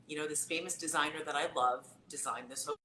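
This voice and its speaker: A woman's voice: deep voice, a little fast, sharp tone. A woman, a psychic tarot reader, telling a personal story in casual conversation with lots of fillers. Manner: chatty storytelling, many fillers. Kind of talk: casual live-stream conversation. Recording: roomy echo with faint background noise.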